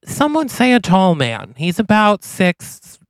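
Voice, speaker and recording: A man's voice: sits high, no echo. A man co-hosting a podcast, animatedly narrating an improvised comic movie plot. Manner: animated, acts out lines, quick asides. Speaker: podcast co-host.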